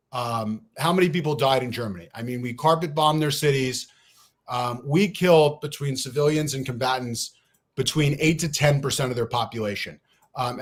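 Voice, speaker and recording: Man in a debate, mid-pitched, emphatic and lecturing, rattling off figures at a quick clip. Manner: emphatic, lecturing, piles up numbers; talks fast at times. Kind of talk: debate argument.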